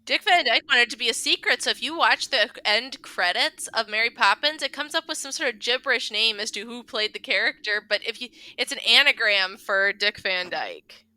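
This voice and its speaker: A woman's voice: on the high side, normal speed, few pauses, pushed and bright. A woman guest on a movie podcast, telling stories with enthusiasm and frequent giggles. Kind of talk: casual movie podcast chat.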